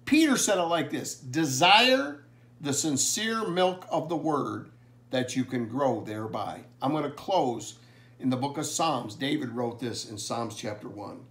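A man preaching a family blessing sermon, earnestly reading scripture slowly and with emphasis. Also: mid-range voice, animated, a bit bright.

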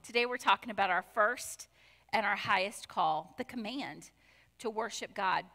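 Bright-voiced woman preaching in a church hall. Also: mid-range voice, normal speed. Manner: conversational preaching with asides and rhetorical questions. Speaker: pastor. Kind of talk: sermon. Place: church sanctuary.

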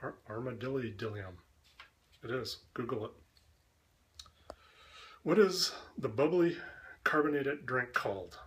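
A Canadian man in a sasquatch persona, reading a word list and answering questions in a deadpan, smart-aleck way. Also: mid-range voice, takes it slowly, long pauses. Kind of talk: casual accent-tag word list.

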